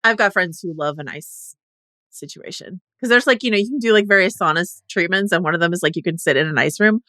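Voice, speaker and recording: A woman's voice: lowish voice, quick pace, sharp tone, dry recording, clean studio sound. A woman co-hosting a podcast, chatting casually about films with a wry, sardonic humor. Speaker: podcast co-host. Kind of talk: casual film discussion.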